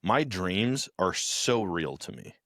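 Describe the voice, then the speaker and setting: Male podcast co-host, low voice, earnest casual chatter, dry mic. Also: sing-song, takes it slowly, fairly bright tone, no room sound. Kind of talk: casual chat.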